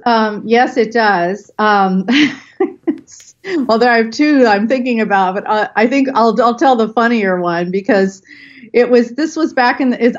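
A woman guest on a podcast tells a story from her working life, chatty and animated. Her voice sits mid-range. The recording sounds slightly dull and lo-fi. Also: mid-range voice. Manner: chatty, animated anecdote telling with laughs. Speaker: guest, business consultant.

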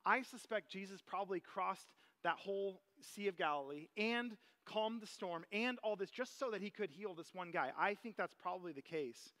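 A man's voice: sits high, moderate pace, hardly any pauses. A man, a father, preaching a sermon in a casual, conversational way, telling personal stories to his congregation. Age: adult parent. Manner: conversational, animated, personal anecdotes. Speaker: pastor.

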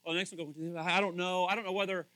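A man preaching a casual, conversational sermon as pastor, animated and questioning his listeners. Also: high-pitched, rapid-fire, no echo, poor audio. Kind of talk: casual sermon, Bible teaching.

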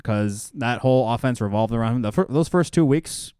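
A man's voice: mid-range voice, fairly quick, dark tone, clean tone, no room sound, studio quality. A man co-hosting a casual fantasy football chat, talking loosely with lots of fillers and restarts. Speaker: podcast co-host.

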